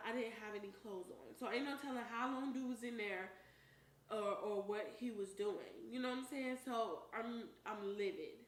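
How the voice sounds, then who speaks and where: A young woman vlogger tells a story in an animated, emphatic way, swearing freely and shouting when she quotes someone. Her voice sits fairly high. It is recorded from a little distance in an echoey room with faint background noise. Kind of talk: storytime while eating on camera. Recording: roomy echo, voice a bit far from the mic, faint noise.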